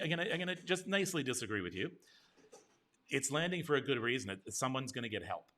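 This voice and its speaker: A middle-aged man, hosting a casual live online chat show and reading viewer comments aloud in a chatty way. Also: mid-range voice. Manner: chatty, warm-hearted, reads comments aloud.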